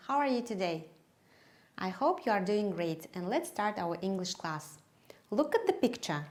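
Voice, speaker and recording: A woman, a native Kyrgyz speaker, leading a teaching demonstration in English, drilling words slowly and clearly. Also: medium pitch, very animated, a little mellow.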